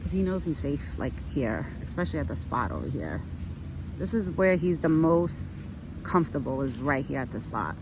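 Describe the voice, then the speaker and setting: A woman's voice: deep voice, expressive, brisk, gravelly, noisy background. A woman talking casually to the camera outdoors in a yard, chatty and full of "like" fillers. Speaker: vlogger who cares for a pet deer. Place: outdoors in a yard near a street.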